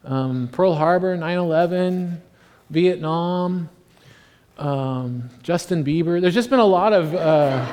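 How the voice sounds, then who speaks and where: A pastor from the United States, in his forties, gives a joking, meandering sermon in a church hall, heavy with fillers and asides. His darkish voice sits on the high side and moves slowly with long pauses. Long hall reverb and slight background noise are audible.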